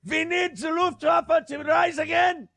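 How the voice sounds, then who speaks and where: A man doing a ranting, bombastic caricature of a male German dictator with a mock German accent, shouting as a comic bit on a livestream. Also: very high voice, fairly even intonation, a little slow, gravelly, no room sound, voice pushed up, exaggerated voice. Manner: barking, bombastic, mock-pleading.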